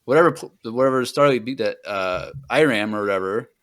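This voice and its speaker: A man's voice: on the low side, fairly quick. A man hosting a podcast, retelling a book in casual, rambling chat full of fillers and trailing off at the ends of thoughts. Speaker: podcast host.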